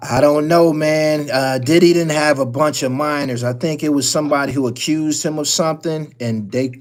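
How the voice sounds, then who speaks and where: A man's voice: fairly high pitch, steady tone, moderate pace. A man hosting a live-stream call-in show, talking bluntly and profanely in a loose, rambling way with frequent restarts.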